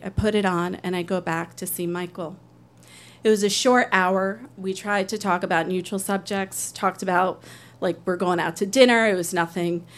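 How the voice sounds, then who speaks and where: A woman telling a true personal story to an audience. She is earnest and conversational, with a mid-range voice and a natural, unhurried delivery. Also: mid-range voice. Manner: earnest, conversational, acts out other people's voices.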